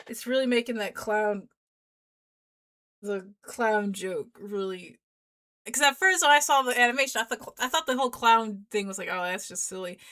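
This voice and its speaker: A woman streaming a game, giving loud, joking commentary and swearing freely. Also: a little high, a little slow, long pauses. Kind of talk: casual gameplay commentary. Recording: music playing underneath.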